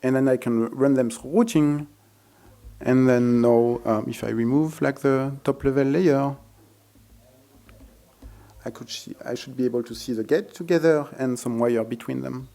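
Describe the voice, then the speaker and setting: Halting man giving a live tech demo. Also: medium pitch, gravelly, mellow. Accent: French. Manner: halting, many fillers and restarts. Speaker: conference presenter. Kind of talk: live technical demo talk.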